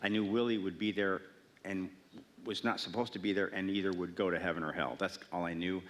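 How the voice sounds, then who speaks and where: Wry man with a low voice. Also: steady tone, brisk, fairly bright tone. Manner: wry, self-mocking humor. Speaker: author answering audience questions. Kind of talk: casual Q&A talk. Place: public library event hall.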